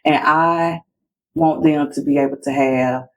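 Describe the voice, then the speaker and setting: A woman's voice: sits low, fairly even intonation, measured pace, poor audio. A woman guest in a casual interview, talking reflectively about parenting and retelling conversations with her daughters. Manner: reflective, acts out family dialogue.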